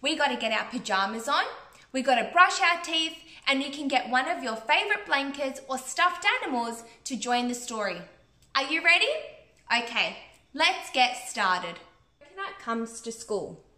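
An Australian woman reading a bedtime story to children in an expressive, sing-song way. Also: high-pitched, moderate pace. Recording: echoey room.

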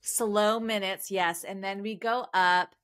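A woman in her thirties co-hosting a podcast, telling a story in animated casual chat and laughing often. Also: medium pitch, slow. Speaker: podcast co-host.

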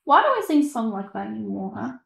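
A woman's voice: fairly high pitch, very animated, fast talker, creaky, a bit bright. A woman in a tattoo parlor who chats casually and keeps asking questions. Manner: curious, asks questions. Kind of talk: casual chat. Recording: roomy echo.

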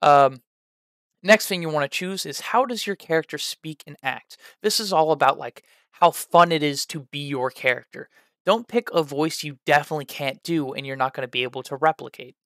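A man's voice: on the high side, moderate pace, a bit bright, no echo, studio quality. A man giving casual advice on building role-play characters, rambling with frequent "uh" fillers and trying out voices as he explains. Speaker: tabletop role-play tutorial host.

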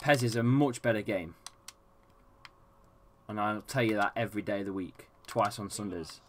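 A man giving live commentary on his own football video game, excitable and swearing often, dropping from low mutters to loud shouts. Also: normal speed, a little hiss or hum. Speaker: gaming YouTuber.

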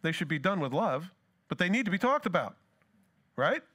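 A man's voice: sits high, very animated, moderate pace, pushed and bright. A pastor preaching a sermon who asks his congregation rhetorical questions and acts out scripture dialogue.

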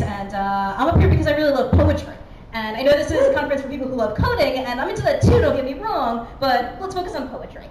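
Quick, chatty woman in an echoey hall. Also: a little high, darkish tone. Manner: quick, chatty and self-deprecating, with many fillers. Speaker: conference speaker. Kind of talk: conference talk. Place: conference hall. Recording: echoey hall with background noise.

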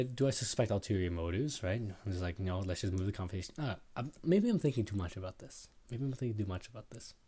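A man's voice: lowish voice, dark tone. A young man hosting a casual solo podcast, telling a rambling, self-deprecating story and tagging his sentences with "right?". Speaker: podcast host.

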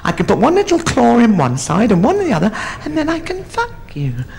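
A man's voice: very high voice, huge pitch swings, fairly quick, gravelly, a little mellow, voice pushed up, full character voice. A man voicing a cheeky, crude little male mouse in a bawdy stage joke, with a sly tone.

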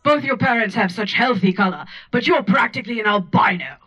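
A woman's voice: fairly high pitch, expressive, a little fast, dull audio. A woman doing a haughty old-timey grande dame. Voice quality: old-timey voice that drops its R's. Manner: imperious, sharp put-downs.

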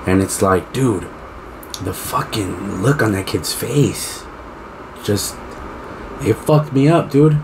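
Lowish-voiced guy cohosting a podcast, swears a lot, gets animated telling stories, bit of faint noise behind. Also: slow pace, long pauses. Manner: profane, animated storytelling. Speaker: podcast co-host. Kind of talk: casual podcast chat.

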